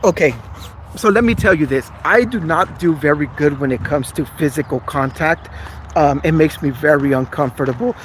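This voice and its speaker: A man's voice: a little high, normal speed, a bit bright, a little hiss or hum, rough recording. A man in a casual livestream chat with viewers, chatty, earnest and apologetic. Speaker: vlogger.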